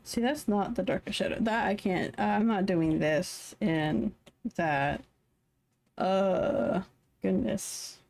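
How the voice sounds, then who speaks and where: A woman's voice: mid-range voice, slow, creaky, a little mellow. A tired woman streaming live, mumbling to herself as she draws. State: tired, yawning. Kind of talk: casual live-stream commentary while drawing.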